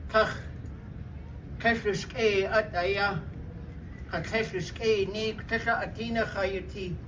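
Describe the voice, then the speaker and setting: A man giving a heartfelt public speech of thanks at an airport welcome. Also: sits high. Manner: slow, heartfelt, speaks an Indigenous language before switching to English. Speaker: speaker at a welcome gathering. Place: airport arrival hall. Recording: distant voice with loud crowd noise.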